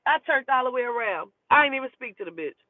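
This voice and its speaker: A woman with a high-pitched voice tells a personal story in a casual, profane and animated way. The sound is tinny and phone-like, with a dry, close feel and no room echo. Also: quick pace.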